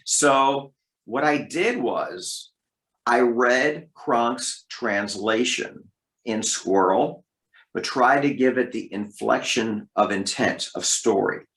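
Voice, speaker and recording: A man who works as a voice actor, telling stories from his career as an interview guest, lively and leaping up in pitch for emphasis. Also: slow. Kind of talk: interview storytelling. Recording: roomy echo.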